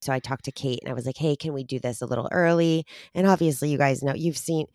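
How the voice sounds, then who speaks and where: A woman co-hosting a podcast in casual chat, bubbly and animated, often laughing. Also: extremely low pitch, fast, no room sound, studio quality. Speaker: podcast co-host.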